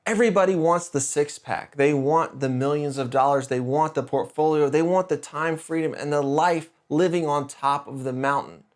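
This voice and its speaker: A man hosting a motivational podcast, telling a personal story in a lively, anecdotal way. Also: fairly high pitch, normal speed, few pauses. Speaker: podcast host.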